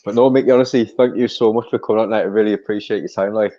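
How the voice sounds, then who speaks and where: A man's voice: on the low side, steady tone, very fast, dark tone. A man with a North East English accent hosting a channel, interviewing a guest and chatting upbeat to viewers. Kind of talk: casual interview chat. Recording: dull lo-fi audio.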